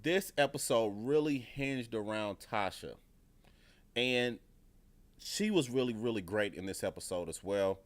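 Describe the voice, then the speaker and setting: A man's voice: lowish voice, measured pace. A man giving a casual reaction review of a TV episode, profane and emphatic, often repeating his points. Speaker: TV show reviewer.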